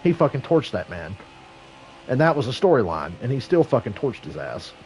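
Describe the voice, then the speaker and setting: Profane, animated male game streamer. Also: mid-range voice, normal speed, faint music behind, poor audio. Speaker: streamer racing online. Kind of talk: casual gaming stream chat.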